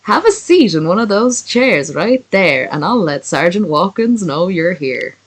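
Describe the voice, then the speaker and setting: A woman's voice: lowish voice, sing-song, unhurried. A woman voicing a polite, motherly middle-aged receptionist, reading her lines plainly from the page.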